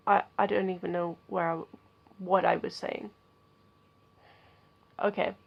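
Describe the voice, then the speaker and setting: A young woman vlogging, telling a story in a chatty, animated way that gets loud and giggly, with lots of "like" and "okay.". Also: lowish voice, slow pace, creaky, highs cut off. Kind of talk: casual storytelling to camera.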